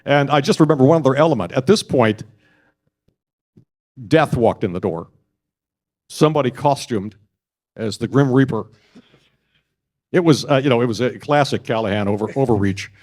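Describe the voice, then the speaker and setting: An older man giving an award acceptance speech, telling stories in a measured, anecdotal way. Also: medium pitch, expressive, darkish tone. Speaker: award honoree. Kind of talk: after-dinner speech.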